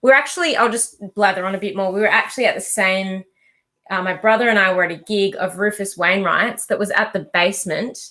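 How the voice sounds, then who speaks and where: A woman's voice: mid-range voice, fairly quick, bright, forceful tone. A woman, a musician guest, telling stories in a casual chat and swearing casually. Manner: chatty storyteller, swears casually.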